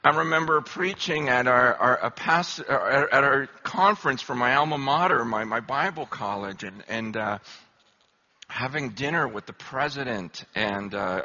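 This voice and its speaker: A man giving an animated storytelling sermon at a conference, acting out the voices he quotes. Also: high voice, in a large hall, lo-fi sound. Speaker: conference speaker.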